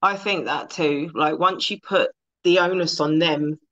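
A woman hosting a podcast, telling stories in a lively, casual way with the odd swear word. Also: low voice, a little slow, a little hiss or hum. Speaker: podcast host. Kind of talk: casual interview chat. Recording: slightly dull, lo-fi sound.

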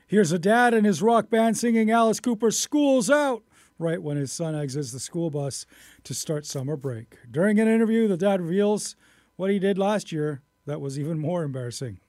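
A man co-hosting a radio show, reading short offbeat news items in a brisk newsreader manner. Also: sits high, expressive, darkish tone, dry recording, studio quality.

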